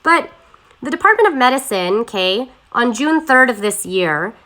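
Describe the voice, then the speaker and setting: A woman hosting a casual live stream on her phone, talking in an animated, sarcastic way and mimicking other people's voices. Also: a little high, normal speed. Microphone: phone camera.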